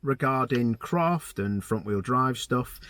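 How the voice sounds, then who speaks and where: A man's voice: medium pitch, animated, slow pace, fairly bright tone. A man hosting a casual motorsport chat show, chatty and enthusiastic, calling his guests mate. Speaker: host.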